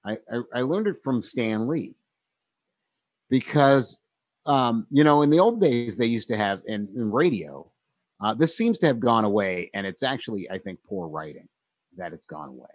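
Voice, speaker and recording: A man's voice: mid-range voice, expressive, dry recording. A thoughtful man chatting about writing. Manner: thoughtful, with many pauses and ums, laughs easily. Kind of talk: casual conversation about writing.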